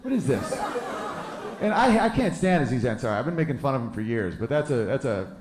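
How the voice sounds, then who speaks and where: A man's voice: mid-range voice, lively intonation, background noise. A man in his thirties doing a brash, profane stand-up comedy set live on a club stage. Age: 30s. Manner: brash, loose and profane, with quick jokey asides. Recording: roomy live club recording with audience laughter.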